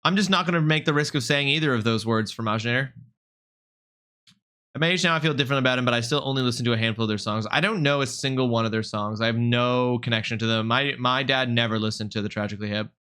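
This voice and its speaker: A man live-streaming, chatting with his viewers in a lively, mock-indignant way and swearing freely. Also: medium pitch, quick pace, clean tone. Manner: animated, mock-indignant, swears freely, talks straight to chat.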